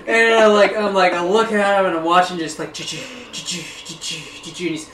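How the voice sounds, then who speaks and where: A man with a fairly high voice hosts a podcast and tells a story casually, animated and profane, laughing as he goes. The room is echoey, and steady background noise runs under his voice. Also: quick pace. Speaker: podcast host.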